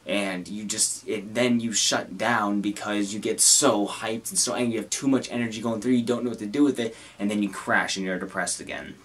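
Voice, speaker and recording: Young guy w a husky lowish voice, halting and earnest, keeps restarting. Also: fairly even intonation, fairly bright tone. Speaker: content creator. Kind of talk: personal talk to camera.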